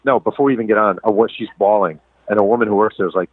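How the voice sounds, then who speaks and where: A man's voice: on the low side, rapid-fire, breathy edge, no room sound. A middle-aged man, a sports writer and guest, telling candid, self-deprecating stories in a casual interview. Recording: tinny phone line.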